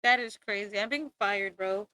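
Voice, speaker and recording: Giggly, bright-voiced young woman streamer. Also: mid-range voice, normal speed. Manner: giggly, rambling, swears casually. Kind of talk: casual chat while drawing on stream.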